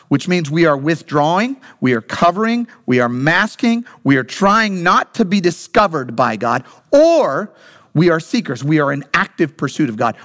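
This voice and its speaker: A man's voice: fairly high pitch, fairly bright tone. A man in his thirties preaching a sermon in a church, talking earnestly and conversationally, repeating key phrases for emphasis and leading the congregation in prayer. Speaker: pastor. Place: church sanctuary, also streamed. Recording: long hall reverb.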